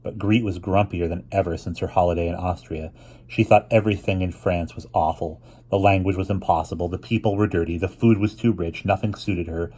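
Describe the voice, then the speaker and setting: Storybook reader, low and husky, calm pace, a few stumbles. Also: male voice. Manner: steady, unhurried reading with small restarts. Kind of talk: reading a children's novel aloud.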